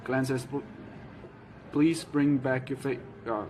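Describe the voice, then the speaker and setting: A man vlogging casually, reading out viewer questions and answering them frankly, with frequent pauses and fillers. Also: mid-range voice, fairly even intonation, a little mellow, slight background noise, rough recording. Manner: frank, matter-of-fact, hesitant with fillers. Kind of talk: casual Q&A chat.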